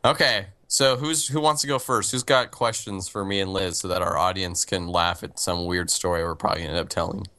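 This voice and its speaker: A man hosting a podcast, playful and quick to laugh in casual chat. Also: sits low, steady tone, sharp tone. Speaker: podcast host.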